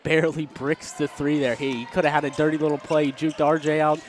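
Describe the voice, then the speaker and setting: A man's voice: on the high side, little pitch movement, fast, slight background noise. A young man doing casual, joking play-by-play commentary on a college basketball game into a close mic, laughing often and a bit out of breath. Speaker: student sports commentator.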